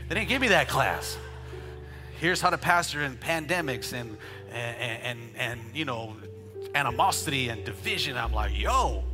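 A man preaching a sermon as a pastor, chatting and joking with the congregation before building up to loud, rhythmic declarations. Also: medium pitch. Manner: conversational preaching with jokes, rising to shouted declarations.

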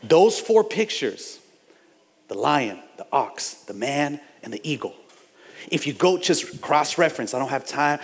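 A man preaching a fiery sermon as pastor in a church, building up to shouts and repeating his phrases. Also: medium pitch, expressive, moderate pace, vocal fry, slightly rough, big-room sound. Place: church sanctuary.

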